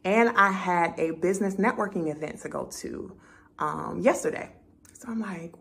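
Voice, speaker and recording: A woman's voice: fairly low pitch, normal speed, vocal fry. Chatty woman telling a story. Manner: chatty, animated, acts out her own conversations. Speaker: vlogger. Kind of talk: casual storytelling to camera.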